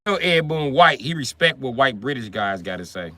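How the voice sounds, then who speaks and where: A man's voice: mid-range voice, fairly quick, slight background noise. A man hosting a casual livestream, ranting and joking with a lot of swearing. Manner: animated, profane ranting, laughs at his own jokes. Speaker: livestream host.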